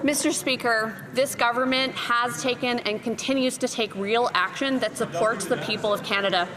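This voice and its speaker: High-voiced woman minister rebutting firmly. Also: steady tone, normal speed, rough recording. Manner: formal, assertive rebuttal. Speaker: government minister. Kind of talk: parliamentary answer. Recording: chamber crowd murmur behind.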